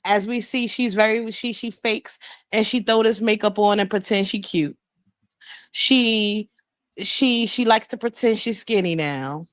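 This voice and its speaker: A woman's voice: medium pitch, unhurried, no echo. A woman co-hosting a livestream, giving blunt, profane gossip commentary in a casual chat. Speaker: livestream co-host.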